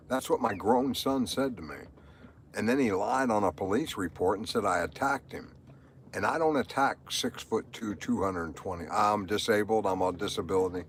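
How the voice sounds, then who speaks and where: A middle-aged man talks through a live stream in a low voice, circling back to the same phrases over and over. His delivery is rambling and emotional. A faint background hum sits under him. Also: moderate pace. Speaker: livestreamer. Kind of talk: live stream monologue, reading chat.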